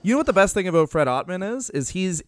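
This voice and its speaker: A man co-hosting a podcast with a somewhat higher voice, teasing his partner in a playful, giggly way. The sound is close and dry, with no room echo. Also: big pitch swings, fast. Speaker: podcast co-host. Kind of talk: crude comedic chat.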